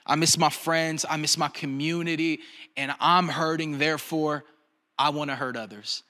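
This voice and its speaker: A man's voice: a little high, fairly even intonation, moderate pace, pushed and bright. A young adult man, a pastor, preaching a sermon in a candid, conversational storytelling way, speaking directly to his congregation. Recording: long reverb of a large room.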